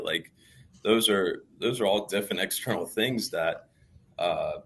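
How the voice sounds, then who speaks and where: Man, ballplayer, low voice, husky, candid storytelling, rambling and thoughtful. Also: expressive, moderate pace, a bit bright. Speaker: professional baseball player. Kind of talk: reflective storytelling in interview.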